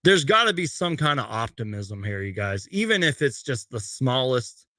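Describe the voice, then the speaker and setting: A young man hosting a post-game fan rant from his bedroom, emotional and halting, choked up as he reads tweets aloud to a webcam. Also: mid-range voice, very animated, bright, forceful tone, dry recording. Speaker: host. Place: bedroom at home.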